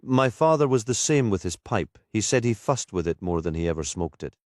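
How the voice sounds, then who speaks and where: A man's voice: on the low side, animated, brisk, darkish tone, dry recording, studio quality, voice pushed up, natural voice. A man voicing a talkative, friendly middle-aged woman vicar in an audiobook. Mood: chatty.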